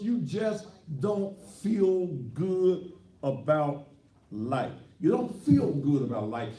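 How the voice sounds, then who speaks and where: A man's voice: high voice, warm tone, far from the mic. A man who is a pastor hosting a call-in talk show, ranting in a brash, boastful and mocking way. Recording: echoey room, voice from off the mic.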